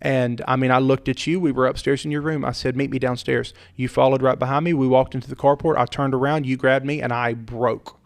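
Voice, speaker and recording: Gravelly earnest pastor man. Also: mid-range voice, steady tone, brisk, few pauses. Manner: earnest, preacherly, emphatic repetition. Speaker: pastor and podcast host. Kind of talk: heartfelt podcast conversation.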